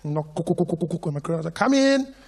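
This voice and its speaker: A young man doing stand-up, telling animated stories. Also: a little high, racing, vocal fry, husky. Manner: animated storytelling, switches into voices. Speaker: stand-up comedian. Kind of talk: stand-up comedy.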